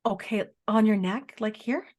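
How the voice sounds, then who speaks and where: A woman working as a psychic medium, giving a live spirit reading in a halting, searching way with many fillers, often quoting the spirit. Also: mid-range voice, darkish tone. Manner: relays messages by quoting the spirit in first person.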